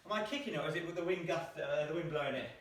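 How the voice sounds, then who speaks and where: A man's voice: on the high side, fairly even intonation, rapid-fire. A man teaching a home exercise lesson, counting out jumps while doing them and getting out of breath. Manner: counting reps aloud while jumping. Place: small room at home. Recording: echoey room, mic far off.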